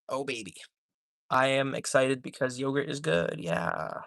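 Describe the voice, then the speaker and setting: A man's voice: mid-range voice, unhurried, creaky, a bit bright, no room sound, studio quality. A young man chatting casually on a live stream, rambling and joking as he reads the chat aloud.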